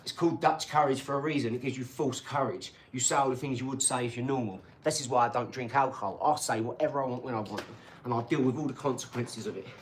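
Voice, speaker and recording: Man, middle-aged, livestream host, rambling, excitable, boastful, mid-pitched voice, faint background noise. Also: fast. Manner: rambling, boastful and excitable, with frequent tag questions. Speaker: channel host reading viewer comments. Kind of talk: casual livestream chat.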